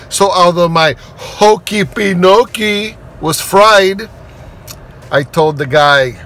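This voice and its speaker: A man reviewing restaurant food in a casual vlog, excitable and playful, punning and breaking into high exclamations.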